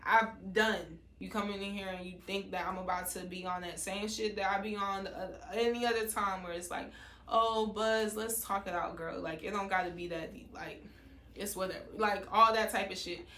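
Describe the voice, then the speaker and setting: A woman's voice: medium pitch, steady tone, moderate pace, pushed and bright, echoey room, a little hiss or hum. Heated woman venting in a storytime vlog. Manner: heated, emphatic, repeats herself, addresses viewers as y'all. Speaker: vlogger telling a story. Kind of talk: storytime vlog, casual and profane.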